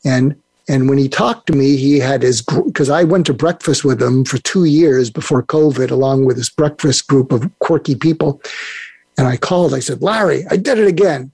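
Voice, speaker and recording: A man's voice: medium pitch, moderate pace, a little mellow, slightly rough, dry recording. An older man speaking as a guest on a podcast interview, rambling and restarting his sentences often. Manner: rambling, with many restarts and fillers. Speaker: guest expert.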